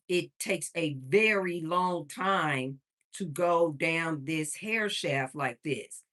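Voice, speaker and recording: A woman hosting a casual livestream, chatting with viewers and telling stories in an animated way. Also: low voice. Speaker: livestream host.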